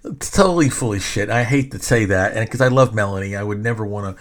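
Middle-aged male podcast host with a lowish voice. He tells stories loosely and profanely, often breaking off and restarting. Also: quick pace. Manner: rambling, profane, self-interrupting. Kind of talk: casual storytelling.

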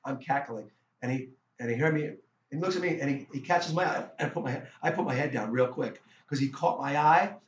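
Animated middle-aged man telling a story. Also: mid-range voice, brisk. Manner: animated, with many restarts and stammers. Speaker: guest musician. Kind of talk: casual storytelling interview. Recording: roomy, dull lo-fi sound.

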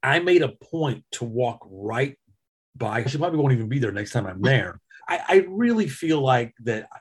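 A man's voice: medium pitch, very animated, normal speed, husky. A middle-aged man hosting a podcast, telling a story in a casual, self-mocking chat. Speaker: podcast host.

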